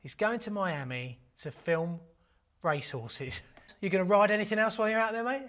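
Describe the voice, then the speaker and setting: Cheeky man, slightly high voice. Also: moderate pace, fairly bright tone. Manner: cheeky banter with crude jokes. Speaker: plumber and channel host. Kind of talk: casual jokey commentary. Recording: faint background music.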